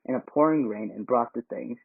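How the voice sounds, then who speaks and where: Brief: man reading fussy, indignant older woman, mid pitch, phone-thin audio. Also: fairly quick, gravelly, husky, no echo. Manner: indignant, self-pitying complaint. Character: rigid, fussy older woman complaining of propriety. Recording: tinny phone-like sound.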